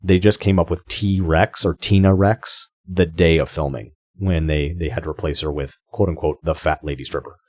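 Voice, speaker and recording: A man's voice: low-pitched, fairly even intonation, normal speed, hardly any pauses, darkish tone, dry recording, studio quality. A man co-hosting a podcast, talking casually, swearing freely and often restarting his sentences. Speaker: podcast co-host.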